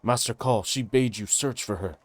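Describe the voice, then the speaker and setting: A man's voice: mid-range voice, moderate pace, soft background music, pitched above the performer's own voice, natural voice. A man voicing an earnest older nobleman asking for help finding his daughter in a game role-play. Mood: worried. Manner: earnest, formal. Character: worried older nobleman father.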